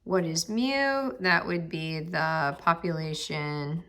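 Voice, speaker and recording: Lively, bright-voiced woman teaching statistics. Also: lowish voice, slow pace, hardly any pauses. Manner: talks to herself while working, reads numbers aloud, murmurs some under her breath; chatty and upbeat, addresses students as friends. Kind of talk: recorded math lesson.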